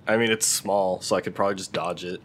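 A man's voice: low voice, fairly even intonation, fast, fairly bright tone. A man co-hosting a casual podcast, talking in a laid-back, dry way and laughing a lot. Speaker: podcast co-host.

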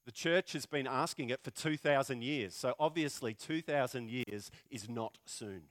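A man pastor preaching a sermon in a conversational way, full of rhetorical questions. He moves between loud, emphatic lines and quiet, low passages. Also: moderate pace, no echo, studio quality.

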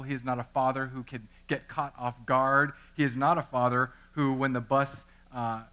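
A man in his thirties, a pastor, preaching a sermon through an animated personal story and acting out the voices in it. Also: mid-range voice.

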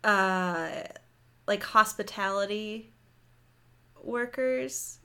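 A woman's voice: medium pitch, drawn-out words, pushed and bright, clean tone. A woman player in casual podcast chat, hesitant and full of fillers, giggling now and then.

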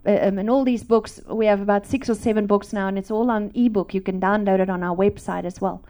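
Woman preaching her testimony, hushed then emphatic. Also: medium pitch, fairly even intonation, brisk. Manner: drops to hushed whispers, then rises to emphatic repetition. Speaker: Christian speaker giving a testimony. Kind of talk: emotional testimony sermon.

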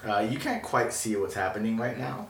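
Low-voiced man running a tabletop game. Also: big pitch swings, creaky, crowd noise. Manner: halting, full of fillers and restarts. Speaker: game master. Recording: roomy with faint noise.

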